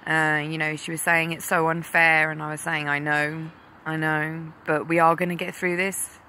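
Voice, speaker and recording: A woman's voice: low voice, level tone, normal speed, pushed and bright, a little hiss or hum. A woman from England telling her own story as a mother, candid and full of ums. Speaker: mother sharing her cancer experience. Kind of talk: personal talk to camera.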